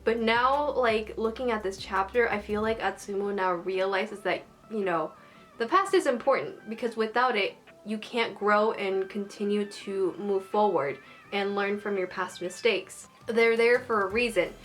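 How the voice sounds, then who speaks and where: A woman's voice: mid-range voice, moderate pace, a bit bright, faint music behind. A woman chatting casually as a fan, gushing and emotional, with lots of fillers. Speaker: manga fan reviewer.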